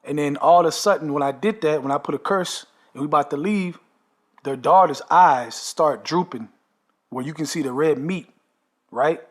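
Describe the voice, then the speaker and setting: A man's voice: fairly high pitch, moderate pace. A man telling a long story in a casual, emphatic way, often tagging his sentences with "man" and "okay". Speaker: storyteller recounting a dream. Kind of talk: casual monologue.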